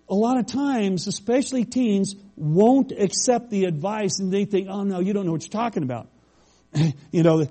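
A man's voice: high-pitched, dark tone. A middle-aged male pastor preaching a conversational sermon, reading scripture aloud and explaining it plainly.

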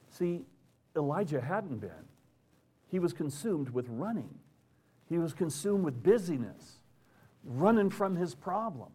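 Male preacher, conversational sermon, swings from loud readings to soft asides, slightly high pitch. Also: very animated, unhurried, pauses often, breathy edge. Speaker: pastor.

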